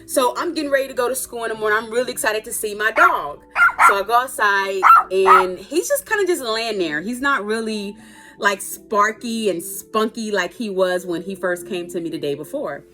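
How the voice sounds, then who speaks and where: An adult woman telling a personal story in a casual, animated and dramatic way, with playful asides. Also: mid-range voice, moderate pace, soft background music. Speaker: storytime vlogger.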